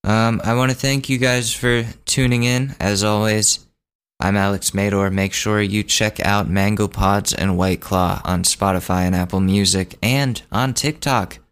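A man's voice: on the low side, fairly even intonation, measured pace, a bit bright, clear, resonant tone. Rambling young man hosting a podcast. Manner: rambling, self-correcting, acts out quotes. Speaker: podcast host. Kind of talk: casual solo podcast storytelling.

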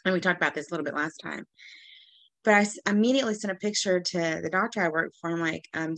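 A woman from Texas, co-hosting a podcast in casual chat, rambling through stories and clearing her allergy-irritated throat often. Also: lowish voice, quick pace, fairly bright tone, no echo. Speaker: podcast co-host.

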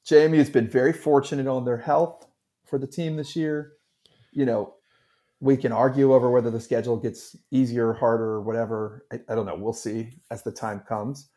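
A middle-aged man co-hosting a casual sports podcast, animated and rambling with frequent restarts. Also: medium pitch, a little fast. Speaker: podcast co-host.

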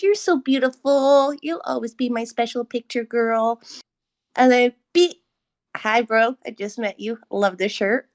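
A woman's voice: a little high, a little slow. Teasing affectionate woman guest. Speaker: podcast guest. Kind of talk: casual chat.

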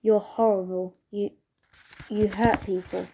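A woman's voice: mid-range voice, level tone, slow, mellow, a little hiss or hum. A woman voicing a stubborn, loyal young girl who talks back with defiance. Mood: defiant. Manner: pleading then defiant.

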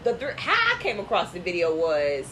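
A woman co-hosting a casual podcast chat, talking bluntly and profanely with animated storytelling. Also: on the low side, normal speed, a little hiss or hum, poor audio. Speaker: podcast co-host.

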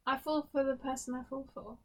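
A woman's voice: high-pitched, steady tone, brisk, rough recording. A young woman chatting casually with a friend, giggly and talkative. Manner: chatty, giggly, reads results aloud. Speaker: host. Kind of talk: casual chat doing online quizzes.

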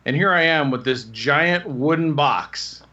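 A man in his thirties telling rambling, animated anecdotes in casual conversation. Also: fairly high pitch, a little slow, highs cut off. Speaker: guest telling stories. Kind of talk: casual storytelling.

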